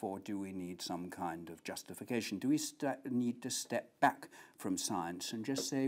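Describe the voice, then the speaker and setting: Lively man giving a lecture. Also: lowish voice, moderate pace, few pauses. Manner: storytelling, acting out quoted voices. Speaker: philosophy lecturer. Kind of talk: academic lecture.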